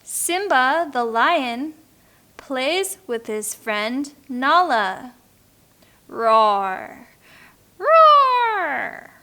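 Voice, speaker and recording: Woman, high lively voice, very slow careful reading, teacher, picture book for beginners. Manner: slow, clear, with playful animal sounds. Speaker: English teacher reading aloud.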